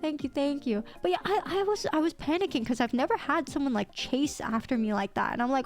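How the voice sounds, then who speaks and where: A woman livestreamer telling a story to her chat in an animated way, swearing casually and breaking into laughter. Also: sits high. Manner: excitable, swears casually, quick bursts of laughter.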